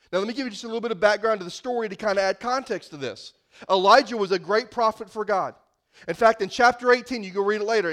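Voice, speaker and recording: A high-pitched male pastor delivers a sermon from the stage, speaking into a microphone. He tells a scripture story with animated energy, acting out the lines of the people in it. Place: church sanctuary.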